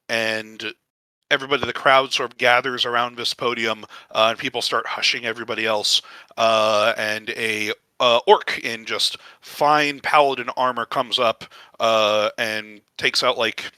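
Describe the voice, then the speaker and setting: Bright-voiced male game master narrating. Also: mid-range voice, no echo. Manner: loose, meandering descriptive narration.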